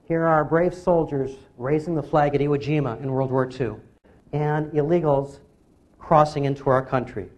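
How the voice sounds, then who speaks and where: A man speaking as an author at a public lecture, his voice sitting a little higher than most men's. He talks in an emphatic, rallying way and keeps urging the audience to act. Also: moderate pace, a little mellow. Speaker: author giving a public talk.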